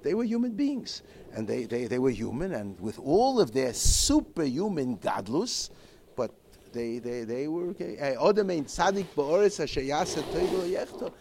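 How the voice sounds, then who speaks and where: Gravelly man giving a halting Torah lecture. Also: a little high, very animated, darkish tone, slight background noise. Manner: halting, with many repeated restarts; mixes Hebrew and Yiddish terms into English. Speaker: rabbi teaching a Torah class.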